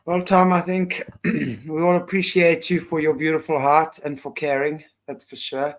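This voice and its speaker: A woman's voice: low-pitched, little pitch movement, normal speed. A woman hosting a live web show over a video call, casual and supportive toward her guest. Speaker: host.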